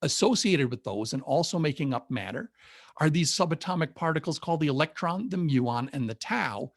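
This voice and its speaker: A man's voice: on the high side, expressive, a little fast, gravelly, no echo, studio quality. A man presenting an informal public science talk on a video call, explaining things methodically with enthusiasm. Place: home or office on a webinar. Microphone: video call mic.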